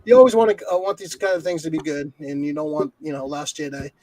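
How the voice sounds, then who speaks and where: Chatty man with a bright voice. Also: on the high side, fast, crowd noise. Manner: rambling, swears a lot, many restarts. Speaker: podcast co-host. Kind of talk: casual chat.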